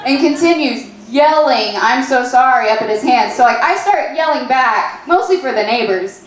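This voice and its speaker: Halting deadpan woman comic in her twenties. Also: high-pitched, a little hiss or hum. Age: 20s. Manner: halting, filler-heavy deadpan delivery. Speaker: stand-up comedian. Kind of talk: stand-up comedy set. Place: comedy club stage. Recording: echoey club room.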